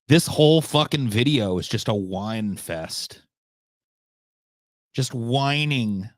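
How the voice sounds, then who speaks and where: A man's voice: fairly low pitch, dry recording, studio quality. A man giving casual reaction commentary on a video, sarcastic, profane and exasperated.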